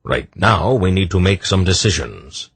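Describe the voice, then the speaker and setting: A man voicing a stern old male sorcerer in an audiobook, firm and measured. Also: low-pitched, lively intonation, fairly bright tone, breathy edge, no room sound, full character voice.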